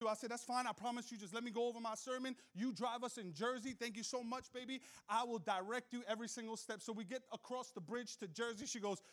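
A male pastor preaching a sermon, telling funny stories and joking with the crowd, moving from soft asides to loud shouts. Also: very high-pitched. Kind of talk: sermon with humorous storytelling. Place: church hall with live audience.

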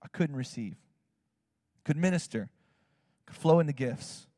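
A man, a pastor, telling a personal story in a sermon, animated and acting out what people said. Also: fairly high pitch, unhurried, studio quality. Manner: animated, acts out quotes in other voices, fillers like "like" and "you know". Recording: long hall reverb.

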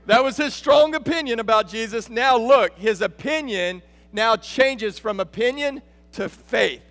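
A man with a Texan accent preaching a lively sermon as a guest speaker, talking to the congregation and calling out to them. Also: very high-pitched, unhurried, in a large hall. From Texas. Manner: animated, rising to emphatic calls. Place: church sanctuary.

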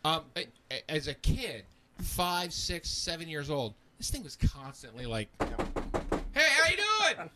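A man in casual podcast chat, telling crude stories with lots of swearing and squeaky voices for the people in them. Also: measured pace, slight background noise. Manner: animated, crude storytelling with squeaky character voices.

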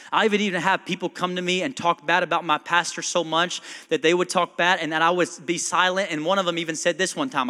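Speaking quickly with few pauses, this pastor has a somewhat high, pushed, bright voice with a steady tone. His conversational sermon leans on stories, quotes, and questions to the congregation, and the sanctuary adds long hall reverb.

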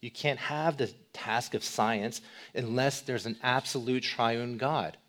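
A male pastor giving a sermon, asking rhetorical questions and moving between loud emphasis and quiet, low passages. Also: slow. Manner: animated, swings between loud emphasis and soft low delivery.

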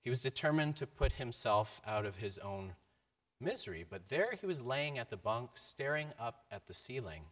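A man giving a sermon, telling a story with varied emphasis and a mid-pitched voice. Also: very animated, normal speed, fairly bright tone. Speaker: preacher.

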